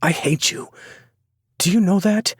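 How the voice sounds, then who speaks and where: A heartbroken young woman pours out anger and love in a raised, husky voice, her words tight and near tears, as a male narrator puts her on. The storybook delivery is dry and close. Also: medium pitch, lively intonation, moderate pace, a little mellow, dry recording, pitched above the performer's own voice. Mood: furious. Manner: impassioned, pleading, near tears. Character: young woman, hurt and furious lover. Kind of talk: audiobook character voice.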